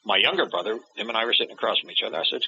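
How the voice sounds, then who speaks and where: A man's voice: fairly low pitch, animated, rapid-fire, creaky, bright, forceful tone, slight background noise. A middle-aged man, a guest in an interview, telling a personal story and acting out the dialogue he remembers. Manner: acts out remembered dialogue in changing voices. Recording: dull lo-fi audio.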